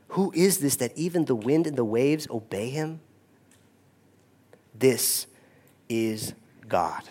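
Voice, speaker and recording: A male pastor preaching a sermon, swinging between hushed, drawn-out phrases and loud, rising emphasis. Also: a little high.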